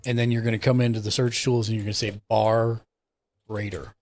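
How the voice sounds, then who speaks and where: A man with a lowish voice streams live, casually talking viewers through his setup one step at a time while he clicks around, in the relaxed manner of a tech support host. He speaks a little fast, and there's a slight hiss or hum on the audio.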